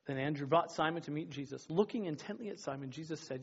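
A man's voice: medium pitch, fast, hardly any pauses, husky, highs cut off. A man giving a casual, conversational sermon as a youth pastor, rambling with restarts and acting out quotes.

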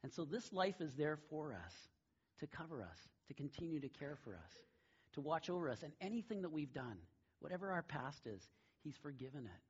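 A middle-aged man delivers a sermon in a casual, storytelling manner, his voice a bit husky and breathy. The recording sounds dull and lo-fi. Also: on the high side, big pitch swings, a little fast. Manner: conversational storytelling with a warm laugh. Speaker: pastor.

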